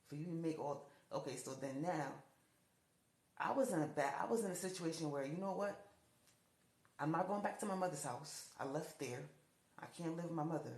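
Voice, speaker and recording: A woman's voice: expressive, fairly quick, darkish tone. Woman telling her life story to the camera, keeps repeating herself, gets emotional, room echo all around. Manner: repetitive, emotional, rising pitch when upset. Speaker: TikTok storyteller. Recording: echoey room.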